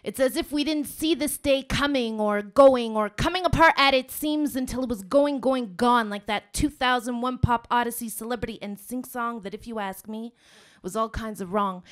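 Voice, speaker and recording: A woman performing a spoken word poem on stage, her voice quite high. Her delivery rolls along in steady rhythm, leaning into sound play and repetition. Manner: rhythmic wordplay, rolling delivery. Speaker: slam poet.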